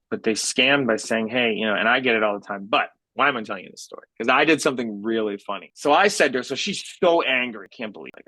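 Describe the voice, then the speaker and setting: A man giving a conference talk to a business group, telling lively anecdotes and often restarting his words. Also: lowish voice, gravelly, no room sound, low-quality recording. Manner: animated storytelling, many repeated starts. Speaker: keynote speaker. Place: meeting room.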